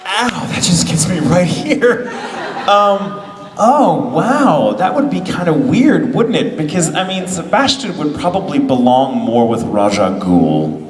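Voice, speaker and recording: A man's voice: on the high side, sing-song. A man answering fan questions at a convention panel, playful and theatrical, joking with the crowd. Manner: playful, theatrical, quick jokes. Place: convention hall with audience. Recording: echoey hall with crowd noise.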